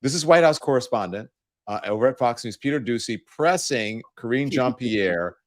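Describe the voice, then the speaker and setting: Brief: male host, dry close sound, animated and fed up, stumbles and restarts. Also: medium pitch, normal speed, dry recording. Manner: animated, exasperated, talks over restarts. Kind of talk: live political talk show.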